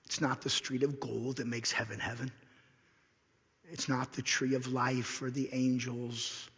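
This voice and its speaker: Husky, gravelly-voiced pastor preaching. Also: male voice, mid-range voice, level tone, a bit bright. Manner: repeats key lines slowly for emphasis, drops to a whisper. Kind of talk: sermon. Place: church sanctuary. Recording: dull lo-fi recording in a reverberant church hall.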